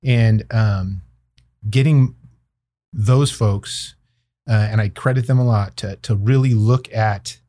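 Mellow-voiced man, thoughtful podcast guest. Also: on the low side, no room sound. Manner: measured, thoughtful, with frequent fillers and restarts. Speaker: county chief probation officer, guest. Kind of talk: podcast interview.

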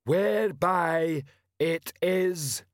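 A man voicing a huge, slow-witted male troll sergeant who speaks slowly and loudly in an audiobook reading. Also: a little high, dry recording, clean studio sound, pitched above the performer's own voice. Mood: bellowing. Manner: slow, loud, laborious.

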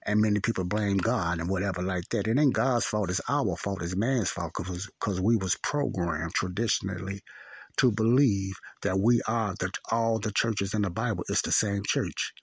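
A man's voice: fairly low pitch, moderate pace, breathy edge, no room sound. A man teaching a Bible study, earnest and repetitive, often asking "See?" to check understanding. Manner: earnest, repeats phrases, asks "See?".

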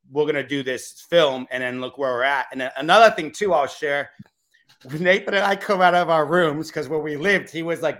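A man speaking as a podcast guest in casual chat, telling a story with lively energy. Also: medium pitch.

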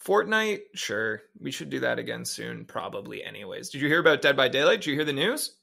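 A man co-hosting a video game podcast, chatting casually and excitably. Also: mid-range voice, brisk, creaky. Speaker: podcast co-host. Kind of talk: casual chat.

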